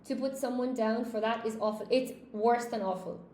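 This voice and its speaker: A woman's voice: on the high side, moderate pace, darkish tone, roomy sound, slight background noise. A woman English teacher running a live-stream lesson, chatting candidly as she reads viewers' comments aloud and answers them.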